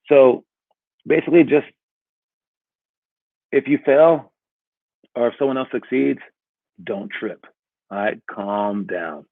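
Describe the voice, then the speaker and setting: Over tinny, phone-like audio that's otherwise dry, a man with a mid-range voice gives a casual motivational talk as a coach. He rambles and keeps asking "all right?" again and again.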